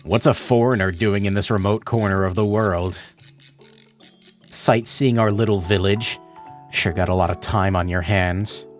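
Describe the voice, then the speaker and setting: A man's voice: fairly low pitch, steady tone, unhurried, faint music behind, pitched below the performer's own voice, close to an everyday voice. A man voicing a rude, guarded village boy with blunt, curt replies while reading a visual novel aloud. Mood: curt, scornful.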